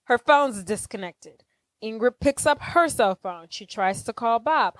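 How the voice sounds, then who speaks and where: A woman's voice: on the high side, expressive, unhurried, a bit bright, no echo, clean studio sound. A woman co-hosting a podcast in casual chat, blunt and profane, acting out movie lines as she recaps. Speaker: podcast co-host.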